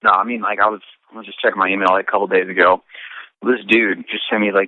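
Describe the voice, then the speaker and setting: A man's voice: fairly low pitch, little pitch movement, fast talker, no echo. A man, a rapper guest in a casual interview, telling rambling stories and swearing a lot. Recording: tinny phone-line sound.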